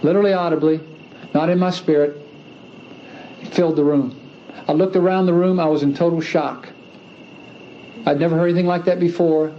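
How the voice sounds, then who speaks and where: A man's voice: a little high, fairly even intonation, a little fast, long pauses, warm tone. Earnest man giving testimony, lo-fi archive. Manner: earnest, emphatic, repeats phrases for stress. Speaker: speaker giving a religious testimony. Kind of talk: personal testimony speech. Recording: dull lo-fi archive recording with faint hiss.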